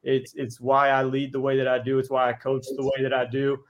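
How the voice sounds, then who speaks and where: A man's voice: medium pitch, completely flat delivery, fairly quick, dull audio. A man who is a college basketball coach, guesting on a podcast and telling earnest, heartfelt stories with frequent restarts. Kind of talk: casual interview storytelling.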